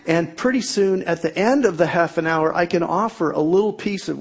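Middle-aged man, gravelly, husky, fairly high voice, self-mocking comic storyteller. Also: normal speed. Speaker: speaker telling a marriage story to an audience. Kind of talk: humorous personal storytelling.

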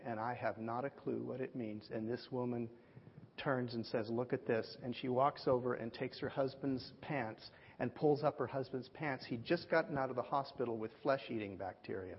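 A man preaching a sermon, telling a story in a lively way and acting out the voices of the people he quotes. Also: mid-range voice, slight background noise. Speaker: pastor. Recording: dull lo-fi audio with long hall reverb.

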